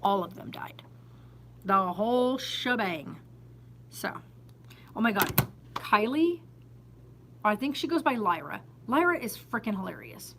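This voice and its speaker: A woman's voice: medium pitch, very animated, measured pace, long pauses, a bit bright, a little hiss or hum, rough recording. A woman vlogging to a handheld phone in her small store, chatty and exasperated, often laughing and emphatic. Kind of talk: casual chat to camera.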